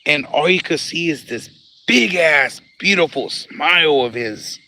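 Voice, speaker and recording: A man's voice: fairly high pitch, expressive, a little slow, bright, forceful tone. A man on a phone livestream outdoors at a cemetery, telling a personal story casually, laughing often, repeating phrases and getting emotional. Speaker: livestream host.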